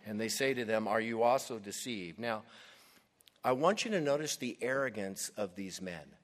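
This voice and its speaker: A man preaching a sermon as pastor, delivering emphatic, deliberate lines with dramatic stresses. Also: fairly low pitch, animated, long reverb tail.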